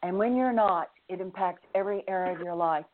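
A woman's voice: lowish voice, a little fast, slight background noise. A middle-aged woman author telling a personal story in an interview, earnest and given to laughing. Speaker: guest author. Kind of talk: interview over the phone. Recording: tinny phone line.

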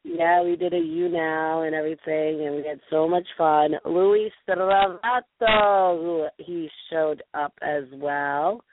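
A woman's voice: sits low, lively intonation, measured pace, few pauses, noisy background. A woman hosting a call-in radio show, chatting in a bubbly, gushing way. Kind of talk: casual call-in chat. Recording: tinny phone-quality audio.

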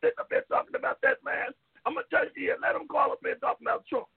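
An older man co-hosting a radio talk show, fiery and profane, ranting loudly. The sound is tinny, like a phone line. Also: extremely high pitch, big pitch swings, rapid-fire, creaky. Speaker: co-host.

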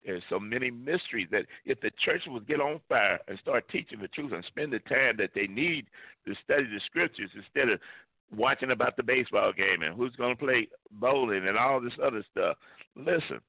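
A man's voice: mid-range voice, expressive, moderate pace, vocal fry, dry recording. Pastor guy preaching hard, repeats himself for punch, thin phone-ish sound, dead dry. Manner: emphatic preaching, repeats key phrases. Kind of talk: sermon. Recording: tinny phone-like line, dry.

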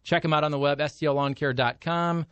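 A man's voice: on the high side, steady tone, fast talker, fairly bright tone, clear, resonant tone, no room sound. A man co-hosting a radio show, giving a breezy, playful live read for a sponsor. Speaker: radio co-host.

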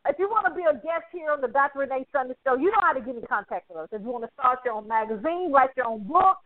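A woman's voice: high voice, lively intonation, fast talker. A woman hosting a radio talk show, effusive and encouraging, laughing often. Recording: phone line.

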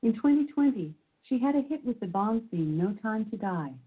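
A woman's synthesized assistant voice reading quiz clues and verdicts in a measured, even announcer manner. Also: on the high side, husky. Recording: tinny phone-like sound.

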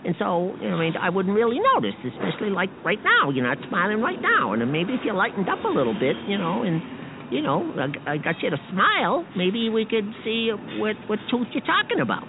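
Cheeky, stammering garage sidekick, played by a man, wildly swooping pitch, phone-thin audio. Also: huge pitch swings, brisk, background noise, exaggerated voice. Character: chatty wisecracking male garage helper. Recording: tinny lo-fi radio recording.

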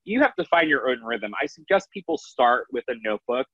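A man's voice: mid-range voice, sing-song, fairly quick, a bit bright, breathy edge, no room sound. Rambling man with a dull lo-fi sound. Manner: rambling, many restarts and fillers. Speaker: author and manifesting coach. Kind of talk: casual interview talk.

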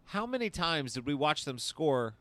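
A man co-hosting a casual sports podcast, profane and jokey, getting excited as he talks. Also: on the high side, moderate pace, no room sound. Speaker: podcast co-host.

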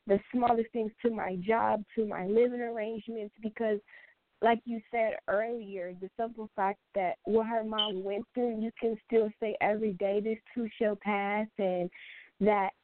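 A woman's voice: mid-range voice, fairly even intonation, moderate pace, no room sound. Heartfelt young woman on a tinny line. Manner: heartfelt, repeats herself for emphasis. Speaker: guest, best friend. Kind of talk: emotional tribute in a talk show. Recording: tinny phone-line sound, dry.

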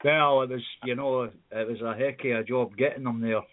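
A man's voice: mid-range voice, steady tone, normal speed. A Scottish man on a call-in, mid-range voice, chatting loosely and cursing as he tells a long story. His voice arrives thin and tinny, squeezed down like a phone line. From Scotland. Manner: rambling, swearing storyteller. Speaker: caller. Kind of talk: casual phone chat.

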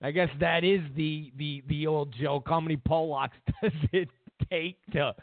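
A man hosting a political commentary show, ranting loudly and mockingly, slipping into put-on voices for the people he quotes. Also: fairly high pitch, steady tone, unhurried, dry recording, narrow, tinny audio.

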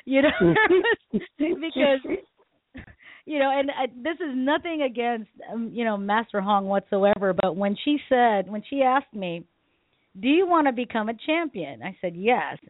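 Woman talk-radio host, animated and chatty, higher voice, phone-line quality. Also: a little slow, dry recording. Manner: animated storytelling, laughs often. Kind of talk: casual radio chat. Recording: tinny phone-line sound, dry.

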